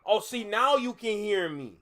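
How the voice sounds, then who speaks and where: A man's voice: high voice, lively intonation, measured pace, fairly bright tone. A man hosting a live stream, ranting in exasperation at his viewers, repeating himself with bursts of laughter. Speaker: live-stream reaction host. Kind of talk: casual live-stream rant.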